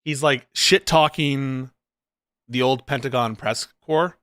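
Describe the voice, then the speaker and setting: A man's voice: slow pace, fairly bright tone, clean tone, no echo, clean studio sound. A man live-streaming political reaction commentary, ranting sarcastically with lots of profanity. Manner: mocks others in shrill put-on voices.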